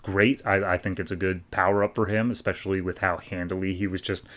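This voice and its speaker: A man's voice: low voice, level tone, a little fast, fairly bright tone. A man hosting a podcast, recapping and reviewing comics in loose, chatty talk full of "like". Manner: loose, filler-heavy talk with frequent "like". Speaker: podcast host.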